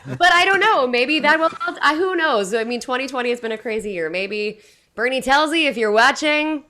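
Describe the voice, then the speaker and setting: A young woman, a variety show cast member, telling a story in casual, animated chat full of fillers. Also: sits high, moderate pace, background noise. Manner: chatty, animated, filler-heavy.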